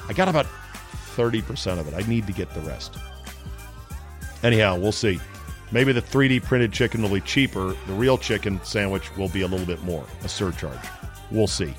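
A man's voice: lowish voice, lively intonation, normal speed, soft background music. A man hosting a daily sports talk podcast, riffing sarcastically on the news in a casual, joking way. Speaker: sports radio host. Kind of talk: casual solo commentary.

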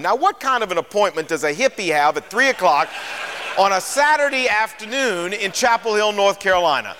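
An older man, a radio preacher, telling his life story in a sermon, animated and acting out the dialogue. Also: sits high, brisk, big-room sound.

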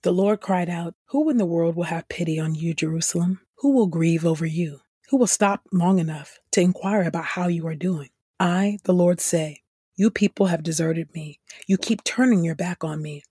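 A woman reading scripture aloud in a steady, earnest way, lifting her voice on the pleas. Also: lowish voice, slightly rough, dry recording, clean studio sound. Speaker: scripture reader.

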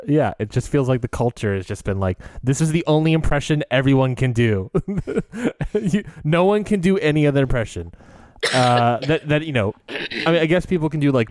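A man's voice: medium pitch, sing-song, brisk, a little mellow, dry recording. A man co-hosting a podcast in casual chat, rambling and laughing often as he talks. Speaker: podcast co-host.

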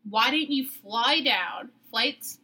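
Bright-voiced young woman, chatty. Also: on the high side, slow, husky. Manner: chatty, laughs often, swears casually. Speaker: podcast co-host. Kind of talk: casual chat.

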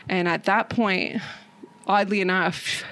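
A woman's voice: mid-range voice, steady tone, slow pace, fairly bright tone, a little hiss or hum. A young adult woman, telling a personal story in conversation, full of fillers and acted-out quotes. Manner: acts out quoted voices, many fillers like "like". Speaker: podcast guest. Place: parked car.

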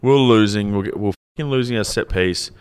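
A man's voice: lowish voice, fast talker, clear, resonant tone, dry recording. An Australian man co-hosting a podcast in casual, blunt, joking banter with plenty of swearing. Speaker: podcast co-host.

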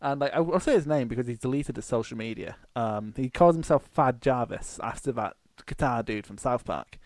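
A man's voice: mid-range voice, expressive, a little mellow, no room sound. Male UK podcast co-host, mid-range voice, dry close sound, rambling storyteller who swears a lot. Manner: swears freely, rambling anecdotes with quick restarts. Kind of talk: casual chat.

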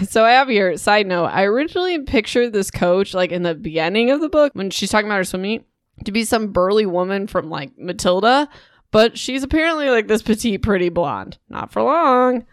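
A woman podcast host recapping a novel in a chatty, animated way with indignant asides. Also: medium pitch, a little fast, no room sound, clean studio sound. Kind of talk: casual book recap.

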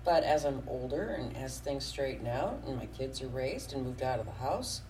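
A woman's voice: extremely low pitch, moderate pace, far from the mic, rough recording. A middle-aged woman running her own small business speaks bluntly in a casual chat, often getting worked up. Her voice sits back from the mic. A faint hiss hangs under the recording. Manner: blunt and opinionated, gets animated. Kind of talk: casual conversation.

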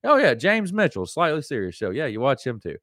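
A man's voice: mid-range voice, wildly swooping pitch, fairly quick, fairly bright tone, no room sound, studio quality. Preachy Southern man ranting. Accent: Southern American. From American South. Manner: preachy, emphatic, repeats lines for effect. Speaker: host. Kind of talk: ranting live-stream commentary.

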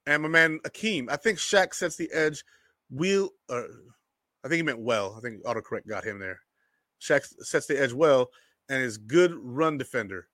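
An energetic man hosts a casual sports show and answers viewer comments. His voice is bright and forceful and swings between loud jokes and low asides. The sound is dry and close. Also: no echo. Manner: energetic, animated, joking, quick bursts.

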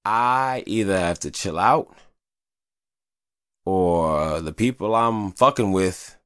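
A man's voice: deep voice, slow pace, fairly bright tone, clear, resonant tone, dry recording, clean studio sound. A man hosting a podcast, venting in a heated, profane casual monologue. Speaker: podcast host.

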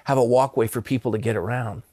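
A man's voice: medium pitch, steady tone, quick pace, warm tone, no echo, clean studio sound. A man in his fifties from Southern California, telling a personal story as a guest with earnest emphasis and frequent stammered restarts.

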